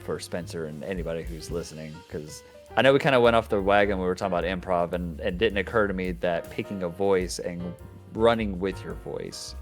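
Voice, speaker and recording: A low-voiced man hosting a relaxed tabletop podcast, rambling through his thoughts with frequent restarts. Faint music plays behind him. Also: a little fast. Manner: rambling, restarting, laughing often. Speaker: host and game master. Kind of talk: casual podcast chat.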